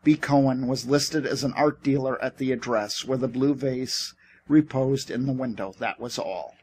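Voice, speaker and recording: A man reading a novel aloud as an audiobook narrator. His voice sits at a middle pitch, and he tells the story at a steady, even pace. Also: normal speed, a little hiss or hum.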